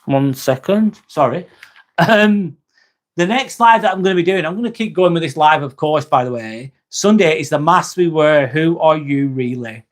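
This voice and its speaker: A man with an East Lancashire accent hosting a casual live chat, laid-back and chummy, calling everyone mate and swearing freely. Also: medium pitch. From Northwest England. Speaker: livestream host. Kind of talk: casual live chat, reading viewer comments.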